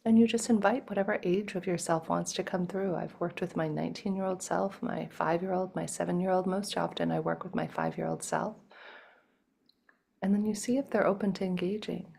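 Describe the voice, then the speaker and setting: A woman guest in a casual interview over a video call, moving between animated storytelling and soft, slow guided-breathing instructions. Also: lowish voice, creaky. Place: home, in Toronto.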